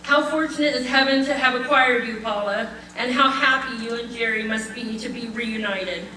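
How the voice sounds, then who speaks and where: An older woman reading a prepared eulogy at a memorial gathering, heartfelt and measured, with light laughter. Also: fairly high pitch, sharp tone, distant mic, slight background noise. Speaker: eulogy speaker. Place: memorial gathering in a community hall. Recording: echoey hall, voice from afar.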